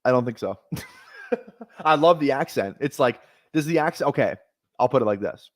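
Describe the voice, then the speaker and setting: A man's voice: medium pitch, animated, moderate pace, dry recording, studio quality. A man streaming fantasy football drafts, chatting casually in a rambling, joking, self-deprecating way. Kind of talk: casual livestream chat while drafting.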